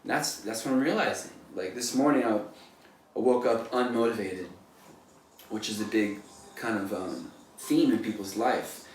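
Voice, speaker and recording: This painter's voice is fairly low and unhurried as he gives a casual, rambling motivational talk full of "like" and "you know." He's recorded from a distance in an echoey room, with faint noise in the background.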